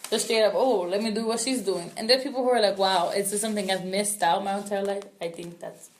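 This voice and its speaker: Casting note: woman podcast co-host, chatty and quick to laugh, mid-range voice. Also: medium pitch, rough recording. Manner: laughing, animated, restarts sentences. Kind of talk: casual chat.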